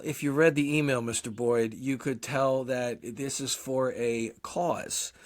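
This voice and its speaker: A man in his forties, co-hosting a podcast, telling a long casual story, swearing often and mocking himself. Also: medium pitch. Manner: profane, self-deprecating storyteller. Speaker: podcast co-host.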